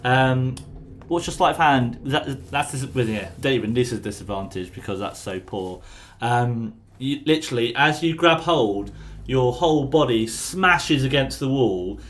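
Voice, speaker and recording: A man's voice: mid-range voice, animated, a little slow, a bit bright. Chatty game master man. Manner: chatty, apologetic, many fillers. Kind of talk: running a tabletop game.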